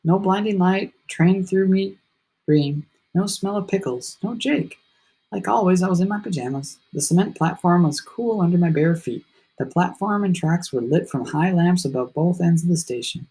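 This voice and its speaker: Male audiobook narrator, first-person storybook, reflective and steady, husky tone. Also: high voice, moderate pace. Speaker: audiobook reader.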